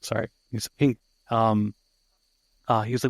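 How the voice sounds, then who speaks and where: A man's voice: lowish voice, level tone, unhurried, long pauses, dry recording. A man hosting a podcast who casually recaps a movie plot, swearing freely and using lots of fillers. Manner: casual, profane, many fillers. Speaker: podcast host.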